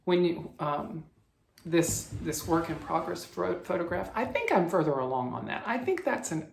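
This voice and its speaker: This casual show-and-tell features a Southern American man talking about his cross-stitch projects in a slightly high, creaky voice. He speaks haltingly, frequently restarting and correcting his sentences, all captured with a roomy echo.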